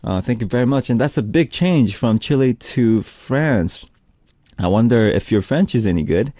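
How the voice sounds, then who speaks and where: A man hosting a music radio show, reading out listener messages in a relaxed, chatty way. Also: lowish voice, dry recording, clean studio sound. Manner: relaxed, chatty, lots of "like" and "you know". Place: radio studio. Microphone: studio microphone.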